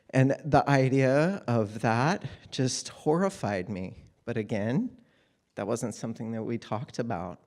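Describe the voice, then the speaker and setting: A man telling a personal story on stage, candid and wry, with animated moments. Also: medium pitch.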